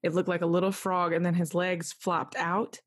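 A woman's voice: lowish voice, level tone, moderate pace. A young woman candidly retelling a personal story as a podcast guest, acting out what others said to her. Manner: candid, vivid retelling with quoted dialogue.

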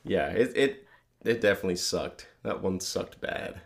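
A man's voice: deep voice, expressive, moderate pace, gravelly. A middle-aged man co-hosting a podcast, chatting casually and laughing through his stories. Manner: laid-back, laughs while telling stories. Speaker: podcast co-host. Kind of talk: casual chat.

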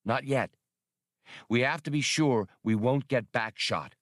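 A man voicing a cocky, sardonic male starship captain in an audiobook, quick and commanding. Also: medium pitch, a bit bright, no echo, studio quality, natural voice. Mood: tense commanding. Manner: wry, commanding.

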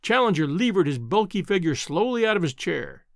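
A man narrating a classic novel in a measured, expressive audiobook style. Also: high-pitched, no echo, studio quality. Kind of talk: audiobook storytelling.

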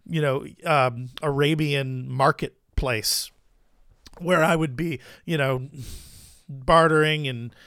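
Chatty male commentary host, bit high. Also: fairly even intonation, slow pace, a bit bright, clear, resonant tone, no room sound, clean studio sound. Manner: chatty, laughs often, repeats words while thinking. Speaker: host of a Christian commentary show. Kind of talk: casual reaction commentary.

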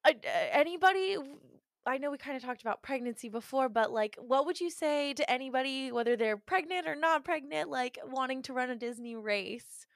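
High, gravelly woman podcast host. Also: expressive, no echo, clean studio sound. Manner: encouraging, quick reactions. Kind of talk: casual interview.

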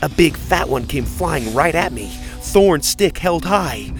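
A man reading a first-person adventure story, slow and unhurried with a lively, rising and falling delivery. He tells it expressively, and faint music plays behind him. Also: on the high side. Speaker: narrator. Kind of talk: storybook narration.

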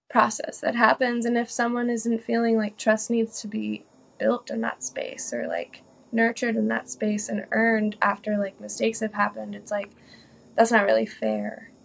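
A woman's voice: mid-range voice, gravelly. A woman guest on a podcast, talking earnestly and chattily, often saying "like". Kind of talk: casual conversation.

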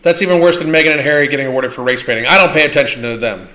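Rapid-fire and sharp in tone, a medium-pitched man hosts a livestream Q&A that turns into a rant. He comes across as combative, blunt, and profane.

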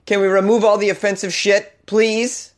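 A man's voice: sits high, flat delivery, normal speed. A man with a Boston accent hosting a comedy news show, riffing with sarcasm and mock outrage and laughing at his own jokes. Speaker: comedian podcast host.

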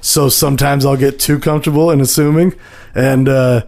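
A man at a middling pitch trades blunt, self-mocking stories in a loose podcast conversation. He grew up near the Mexican border and laughs easily at himself. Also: steady tone, moderate pace, gravelly, darkish tone. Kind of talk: casual podcast chat.

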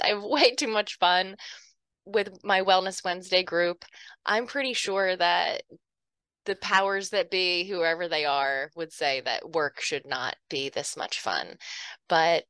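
A woman's voice: on the low side, a bit bright, no room sound. Earnest woman podcast host, dry sound. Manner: earnest, emotional, laughs often. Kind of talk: heartfelt talk to listeners.

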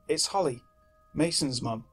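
A man's voice: fairly high pitch, unhurried, fairly bright tone, slightly rough, soft background music. A man reading a firm, guarded mother. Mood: wary.

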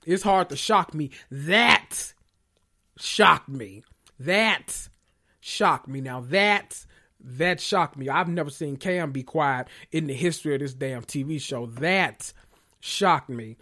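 A man hosting a casual reality TV recap podcast, talking in an animated and profane way. He repeats lines for emphasis, and his voice sits fairly high for a man. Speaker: podcast host.

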